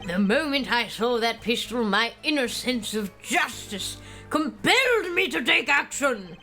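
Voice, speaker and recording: A woman's voice: on the high side, sing-song, unhurried, vocal fry, bright, forceful tone, faint music behind, full character voice. A woman voicing a pompous young male college student witness who boasts in a haughty, theatrical way. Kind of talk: reading a game's dialogue aloud on a live stream.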